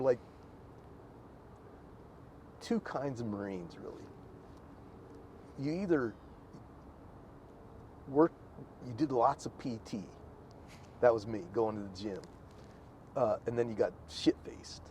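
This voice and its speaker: A man, a former Marine, talking as a guest in a casual interview, halting and stammering as he speaks. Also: mid-range voice, a little mellow, a little hiss or hum. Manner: halting, stammering, restarts often.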